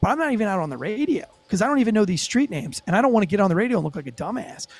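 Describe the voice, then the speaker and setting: A man with a high-pitched voice tells his story as a podcast guest. His telling is animated and profane and packed with fillers. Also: rapid-fire, breathy edge, dry recording. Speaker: former police officer and podcast guest. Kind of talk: storytelling in a casual podcast interview.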